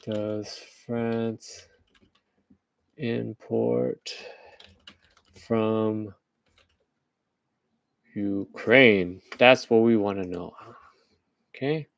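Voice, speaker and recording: Slow-talking joking American man. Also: lowish voice, steady tone, gravelly, no room sound. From United States. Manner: rambling, joking, laughs at his own jokes. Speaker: livestream commentator. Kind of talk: casual current-events commentary.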